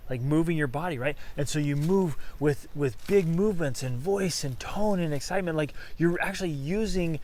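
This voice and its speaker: A man hosting a motivational talk, speaking energetically with big swings in volume and lively delivery. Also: a little high, moderate pace, few pauses. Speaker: podcast host and coach.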